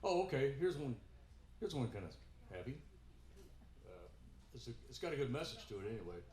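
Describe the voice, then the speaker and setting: A man's voice: medium pitch, sing-song, fairly quick. A man telling a story between songs at a live in-store show, rambling with many fillers and restarts. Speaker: musician performing in-store. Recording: echoey store room with guitar.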